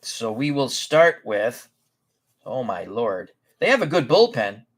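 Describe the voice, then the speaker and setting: A man's voice: medium pitch, big pitch swings. A man hosting a tabletop baseball game, giving chatty play-by-play commentary and correcting himself as he goes. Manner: chatty, unhurried, self-correcting.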